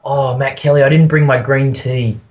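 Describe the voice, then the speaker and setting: A man's voice: mid-range voice, steady tone, moderate pace, highs cut off. A man co-hosting a podcast, playful and jokey in casual chat. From Australia. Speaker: podcast co-host.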